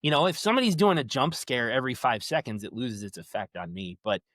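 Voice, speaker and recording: A man co-hosting a podcast, retelling horror movie scenes in an animated, casual way, swearing now and then. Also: medium pitch, fast, no echo, studio quality. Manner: animated storytelling, swears, says yeah a lot. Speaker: podcast co-host. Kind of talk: casual movie recap chat.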